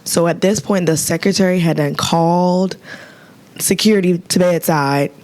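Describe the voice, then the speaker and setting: A young woman, a nurse, telling a story in a casual, animated way, laughing and acting out the people in it. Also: on the low side, moderate pace, no room sound. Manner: animated, laughing, quotes people in lively voices. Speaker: nurse and podcast host.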